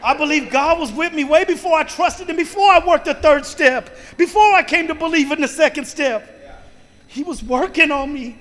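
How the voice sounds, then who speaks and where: A man's voice: very high voice, normal speed, fairly bright tone, big-room sound. A man telling a heartfelt personal recovery story to a live group, swearing freely and often turning to the crowd with "you guys". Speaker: recovery meeting speaker.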